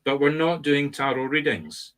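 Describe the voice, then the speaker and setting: A man's voice: a little high, animated, normal speed, fairly bright tone. A middle-aged man with a Scottish accent, co-hosting a casual chat, talking in an emphatic, instructive teacher's tone. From Scotland. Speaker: medium and co-host.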